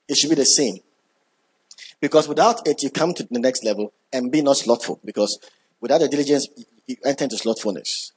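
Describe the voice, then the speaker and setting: A man preaching a sermon, emphatic, repeating key words and building up when excited. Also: mid-range voice, breathy edge.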